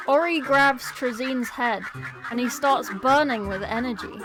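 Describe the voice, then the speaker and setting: A woman's voice: sits high, unhurried, over music. Playful woman reading a book aloud. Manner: playful, chatty asides. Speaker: book reader. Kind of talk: casual audiobook reading.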